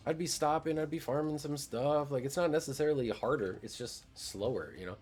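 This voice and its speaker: A man's voice: mid-range voice, a little fast, few pauses, darkish tone. A man streaming a game, chatting casually in a laid-back, joking way, swearing freely. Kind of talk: casual gameplay commentary.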